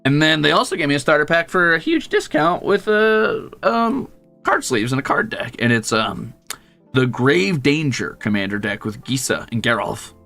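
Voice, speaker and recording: A young man talks through a gaming stream, his voice gravelly and bright-edged. He tells stories in an animated, jokey way, swearing freely and swinging his pitch all over. Faint music plays under him. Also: normal speed. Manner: animated storyteller, jumps into high squeaky voices when quoting. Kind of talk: casual chat while gaming.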